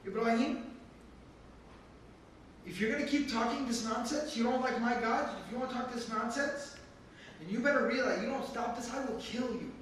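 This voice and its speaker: A cutting, angry older father, put on by a man during a lecture, his voice high and bright. He sounds scornful and threatening throughout. The sound comes from across a large, echoing hall. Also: normal speed, long pauses, a little hiss or hum. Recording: echoey hall from far off.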